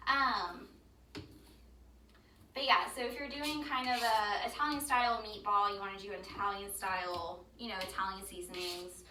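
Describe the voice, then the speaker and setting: A woman with a medium-pitched, bright, forceful voice chats at a steady tone and moderate pace while cooking in her home kitchen for a vlog. She rambles with lots of ums and slips into baby talk with her dog. The kitchen sounds roomy, with the mic some distance off and faint background noise.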